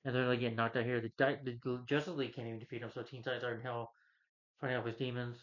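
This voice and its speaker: Racing along in a level, mid-range voice, a male movie reviewer rambles through a plot summary packed with "you know" fillers. The audio quality is dull and lo-fi.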